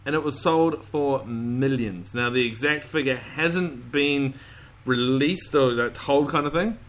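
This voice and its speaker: Male podcast host, bright forward voice, rambling and chatty, swears freely. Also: mid-range voice, a little slow. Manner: rambling, chatty, swears casually, laughs often. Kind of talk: casual chat.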